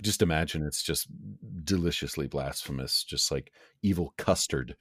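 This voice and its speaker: A man's voice: very deep voice, moderate pace, fairly bright tone, husky, dry recording, studio quality. A man speaking casually as a player in a tabletop game, hesitant with fillers. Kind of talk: tabletop role-play chat.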